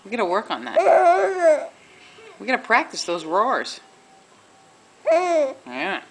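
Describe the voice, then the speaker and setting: A woman talks to her baby in a gushing, sing-song voice. Her pitch sits a bit high and leaps wildly up and down. She speaks slowly and coaxingly, with faint noise behind her. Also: big pitch swings, vocal fry. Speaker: mother. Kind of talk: baby talk to an infant.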